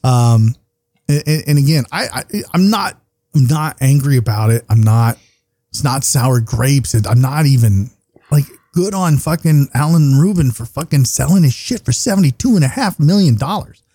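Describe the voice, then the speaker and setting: A man's voice: medium pitch, animated, normal speed, dark tone, husky, no echo. A man hosting a podcast, his voice tired, talking casually in a rambling, profane, joking way. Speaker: podcast host. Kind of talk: casual chat.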